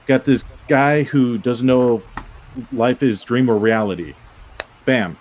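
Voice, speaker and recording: A man's voice: mid-range voice, slow, darkish tone, a little hiss or hum, low-quality recording. Direct, coaching man on a panel. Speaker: panel judge. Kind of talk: casual online panel chat.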